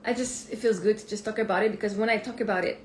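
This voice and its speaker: A woman with a Québécois French accent, talking through a live podcast monologue, animated, laughing often and swearing freely. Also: medium pitch, very fast. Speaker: life coach podcast host. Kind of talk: live-streamed personal monologue. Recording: echoey room with faint ambient noise.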